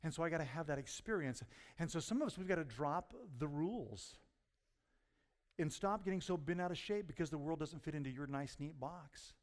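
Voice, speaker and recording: A man preaching a sermon as pastor, telling stories and swinging from quiet asides to near-shouts. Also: fairly high pitch, fast talker, in a large hall. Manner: storytelling, rising to near-shouts at punchlines. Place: church sanctuary.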